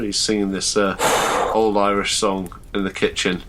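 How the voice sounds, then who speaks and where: A man narrating as game master of a tabletop horror game, descriptive and halting with fillers. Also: lowish voice, flat delivery, a bit bright, a little hiss or hum.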